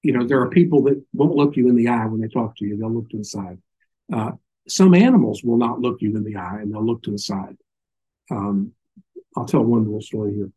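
A man's voice: lowish voice, fairly quick, dark tone, slightly rough, rough recording. An older man with a Southern accent giving an informal Bible teaching, folksy and full of little stories and asides. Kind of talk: informal sermon.

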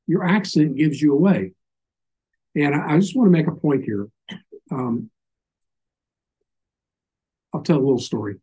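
A man's voice: a little high, lively intonation, measured pace, long pauses, warm tone, slightly rough, poor audio. An older man with a Southern accent giving an informal Bible teaching, folksy and full of little stories and asides. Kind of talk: informal sermon.

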